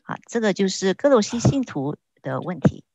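A woman interprets a sermon phrase by phrase, pausing at times to search for words. Her pitch rises and falls with a lot of movement. The recording is close and dry. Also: big pitch swings, a little mellow, no echo. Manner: searching for words, with frequent hesitations.

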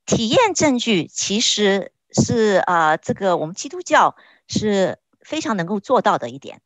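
Lively woman interpreting a sermon. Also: medium pitch, unhurried, no room sound. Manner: searching for words, with frequent hesitations.

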